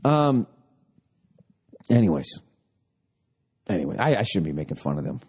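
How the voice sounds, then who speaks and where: A man's voice: sits low, sing-song, moderate pace, a little mellow, slightly rough. Profane ranting man. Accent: Boston. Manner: ranting, swearing, mocking imitations. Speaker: comedian, podcast host. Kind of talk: profane comedic rant.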